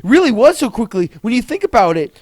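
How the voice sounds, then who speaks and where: Lively, profane podcast man. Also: very high voice, brisk, dry recording. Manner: profane, laughing, rambling banter. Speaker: podcast co-host. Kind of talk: casual chat.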